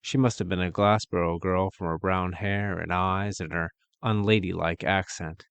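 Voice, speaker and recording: A man narrating a dark fantasy story in a measured, dramatic way with archaic phrasing. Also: sits low, steady tone, creaky, clear, resonant tone, dry recording.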